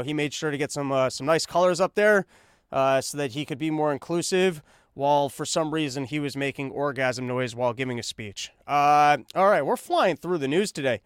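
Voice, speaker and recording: A man's voice: a little high, clear, resonant tone, no room sound, studio quality. A man hosting a comedic news monologue, rambling and sarcastic, talking while he paces on a treadmill. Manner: rambling, sarcastic, full of fillers and restarts; talks while pacing on a treadmill. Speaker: podcast host.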